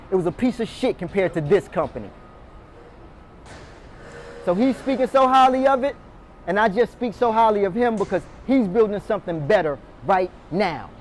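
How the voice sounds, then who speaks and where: A man with a high, bright-sounding voice speaks to a roomful of salespeople as a motivational speaker. He fires questions at the audience and pushes them to answer back. Faint background noise sits under his voice. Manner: energetic, calls on the audience, quizzes the room. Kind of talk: motivational talk to a sales team. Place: meeting room with a live audience.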